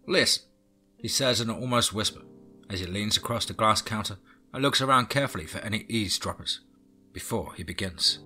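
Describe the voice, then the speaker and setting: A man reading a horror audiobook in a low, brooding way with whispered asides. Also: sharp tone. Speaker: audiobook narrator.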